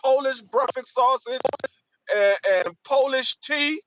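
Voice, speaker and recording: A man from Washington, D.C., co-hosting a podcast, telling stories in a loose, animated way, swearing and repeating himself. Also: extremely high pitch, slow pace, dull audio, noisy background. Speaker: podcast co-host. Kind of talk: casual chat.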